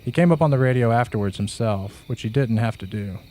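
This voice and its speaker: A man narrating a first-person horror story in a slow, measured, hushed way. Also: mid-range voice, slight background noise.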